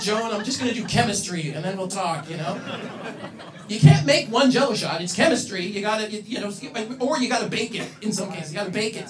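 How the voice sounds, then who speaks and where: A Canadian man doing a stand-up set, animated and self-mocking, with loud punchlines. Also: high-pitched. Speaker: stand-up comedian. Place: comedy club stage with audience. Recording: roomy club sound from a distance. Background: audience laughter.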